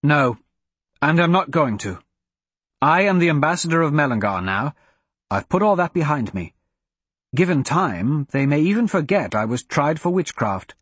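A man reading an audiobook, voicing a spirited, sharp-tongued young princess with a sarcastic, defiant manner. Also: a little high, very animated, moderate pace, breathy edge, no echo, voice pushed up, exaggerated voice. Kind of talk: audiobook character voice.

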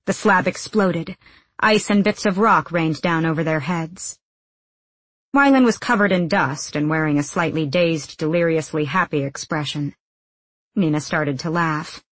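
A woman narrating an audiobook in a steady, measured storytelling voice. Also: on the low side, no room sound. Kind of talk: scripted narration.

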